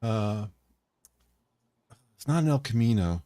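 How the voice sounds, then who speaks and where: A man with a somewhat low voice talks casually as a show co-host. He rambles and jokes. His voice sounds dry and close, with no room around it. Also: expressive, takes it slowly, warm tone, no echo. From United States. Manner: rambling, jokey, greets chat viewers. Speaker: podcast co-host. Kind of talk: casual chat.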